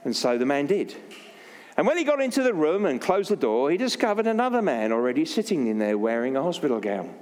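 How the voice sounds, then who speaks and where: Older male pastor, animated, higher voice, joking sermon, long church echo. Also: fast. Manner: jokey, anecdotal, self-deprecating. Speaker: Baptist pastor.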